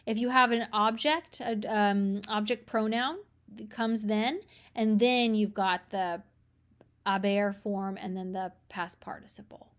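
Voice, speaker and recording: A woman teaching a grammar lesson, slowing down to read each example sentence clearly. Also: mid-range voice, fairly even intonation. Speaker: language teacher.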